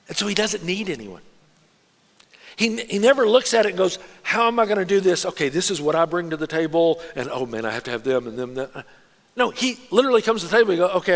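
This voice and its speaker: A man preaching a sermon in a church in a lively, conversational way, now and then putting on voices. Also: high-pitched. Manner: animated, conversational preaching with quick put-on voices. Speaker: pastor. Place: church auditorium. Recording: long reverb of a large church hall.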